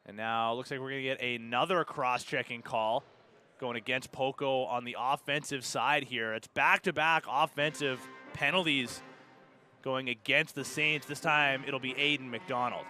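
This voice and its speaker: A man with a Canadian accent calling live lacrosse play-by-play, brisk and steady, rising sharply on goals and saves. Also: mid-range voice, faint music behind. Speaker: play-by-play commentator.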